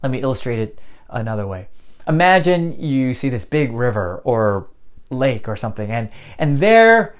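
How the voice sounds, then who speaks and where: A man's voice: medium pitch, sing-song, normal speed. A male pastor preaching a sermon in a conversational, dramatic storytelling way, often restarting his phrases.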